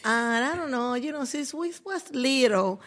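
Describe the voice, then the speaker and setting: A woman guest on a podcast, chatting casually in a lively way and laughing often. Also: high-pitched, moderate pace. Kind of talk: casual chat.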